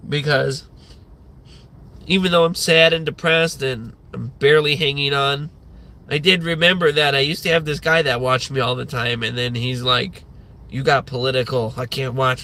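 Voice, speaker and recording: A man's voice: mid-range voice, moderate pace, sharp tone. A man in his thirties hosting a livestream, ranting in a rambling way with lots of swearing and filler words. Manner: rambling, profane, many fillers. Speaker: livestream host.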